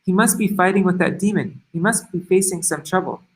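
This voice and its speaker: A man's voice: high voice, a little fast, natural voice, poor audio. A man reading the lines of a brave young warrior prince, earnest and decisive, worried for his brother.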